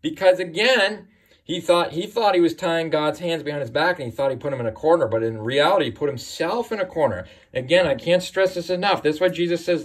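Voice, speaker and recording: A man's voice: a little high, lively intonation, fairly quick. A man giving informal Bible teaching, emphatic and often asking "right?".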